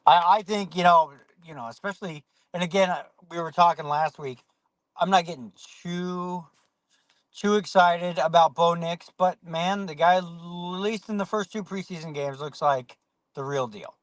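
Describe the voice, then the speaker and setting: A man's voice: fairly high pitch, moderate pace, a bit bright, dry recording. Rambling male sports podcast host. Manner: rambling, many fillers and restarts. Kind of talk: casual sports podcast chat.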